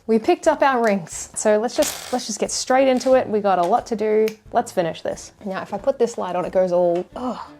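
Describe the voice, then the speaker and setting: A woman's voice: medium pitch, brisk, hardly any pauses, dark tone, faint music behind. An Australian woman chatting casually to camera in a vlog from her home jewellery studio, rambling and self-deprecating. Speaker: jewellery maker and vlogger.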